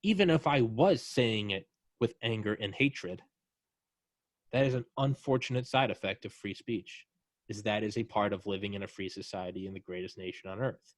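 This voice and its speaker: A man's voice: on the low side, moderate pace, no room sound. Blunt, profane man arguing on a podcast. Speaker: podcast host. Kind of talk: casual conversational podcast.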